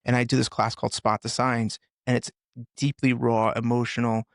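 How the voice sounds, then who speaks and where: Middle-aged man, gravelly, dry close mic; earnest storyteller who restarts often. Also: medium pitch, little pitch movement, no echo. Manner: earnest, halting, with many restarts. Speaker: podcast guest, firefighter and author. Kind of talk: storytelling in a conversation.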